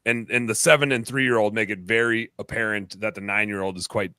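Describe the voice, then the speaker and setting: A man in his thirties from Wisconsin, hosting a podcast in a rambling, animated chat. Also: lowish voice, brisk, smooth, no echo, clean studio sound. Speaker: podcast host. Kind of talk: casual chat.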